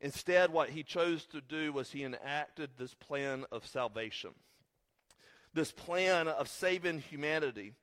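A man's voice: on the high side, a little slow, a bit bright. A congested man with a slight cough, preaching a sermon as pastor with earnest, rising emphasis on key points.

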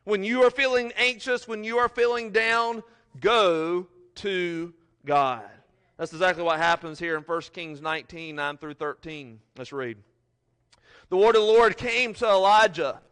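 A man preaching a sermon, swinging between loud, emphatic lines and soft, almost whispered ones as he reads scripture and applies it. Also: high voice, a little slow, smooth. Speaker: pastor.

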